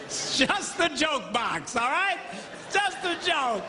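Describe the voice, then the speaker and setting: A man in his fifties, a pastor and marriage speaker, giving a comedic stage talk, mimicking voices and shouting punchlines. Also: very high voice, big pitch swings, slow pace. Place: large hall before a live audience. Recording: echoey hall with faint noise.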